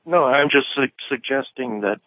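A man calling in to a radio show, speaking haltingly with frequent restarts. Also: medium pitch, no room sound. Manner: halting, restarts mid-sentence. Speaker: radio caller. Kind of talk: phone-in commentary. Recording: tinny phone line.

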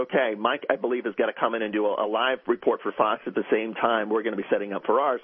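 Fast-talking husky man on radio. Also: mid-range voice, no room sound. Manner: rapid, animated storytelling with frequent restarts. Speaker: guest journalist. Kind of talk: radio talk show conversation. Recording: dull, dry radio audio.

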